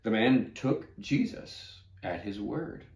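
A man's voice: lowish voice, slow pace, gravelly, a little mellow. A man teaching a children's Bible class, telling a story and asking his listeners questions. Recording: echoey room.

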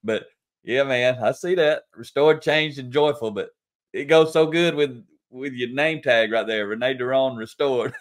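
A man's voice: mid-range voice, unhurried. Upbeat man hosting an interview. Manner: upbeat, encouraging reactions. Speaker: podcast host. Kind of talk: casual interview.

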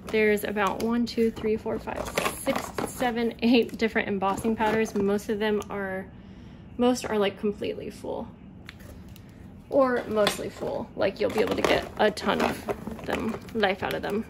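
A woman in a casual vlog, talking quickly and loosely through her craft supplies, with lots of fillers. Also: mid-range voice, fairly even intonation, creaky. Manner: chatty, quick, rambling with fillers. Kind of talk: casual show-and-tell vlog. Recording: loud background noise.

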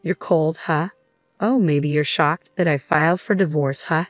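A woman's voice: sits low, a little slow, dry recording, faint music behind. A woman voicing a controlling, condescending husband who barks and sneers at his wife. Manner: barking, sneering.

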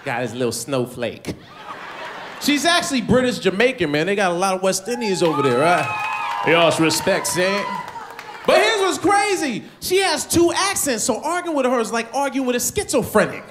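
A middle-aged man performing a stand-up comedy routine, animated and punchy, laughing at his own jokes. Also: sits high, moderate pace, a crowd in the background, noisy background. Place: comedy stage before a live audience.

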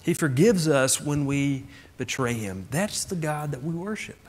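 A man preaching from the pulpit in an earnest voice, pressing home his points with phrase after repeated phrase. His voice sits a touch high for a man. A long reverb trails behind him, as in a big church sanctuary. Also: animated, a little slow. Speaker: pastor. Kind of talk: sermon.

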